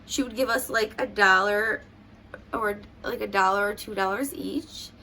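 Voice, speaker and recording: Brief: young woman vlogger, tearful rambling storyteller, gravelly fry, faint hiss. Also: medium pitch, unhurried, pushed and bright. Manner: emotional, rambling with many fillers. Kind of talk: casual personal storytelling. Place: at home doing makeup.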